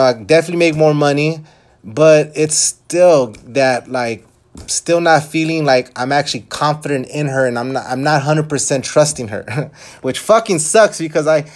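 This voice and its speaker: A young man venting in a rambling, frustrated way, swearing often as he tells his story. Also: fairly high pitch. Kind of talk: casual vlog rant.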